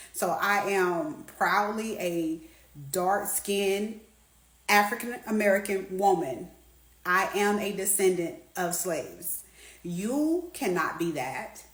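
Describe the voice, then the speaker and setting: A woman's voice: mid-range voice, fairly bright tone, roomy sound, poor audio. A woman giving a heated, defiant monologue with an indignant edge. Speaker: social media commenter.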